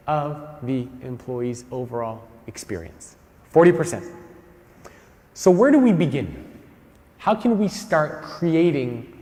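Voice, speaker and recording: A man giving a conference keynote, telling stories with lively acted-out quotes on a stage mic. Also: on the high side, long reverb tail. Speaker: keynote speaker. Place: large conference hall.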